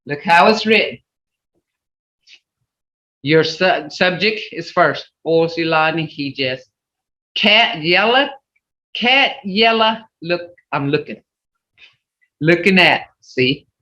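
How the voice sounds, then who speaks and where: An older woman teaching a language class over a video call, animated and acting out expressions with big swoops in her voice. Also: slow pace, pauses often. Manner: animated, acts out expressions with sweeping pitch. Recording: dull, roomy video call audio.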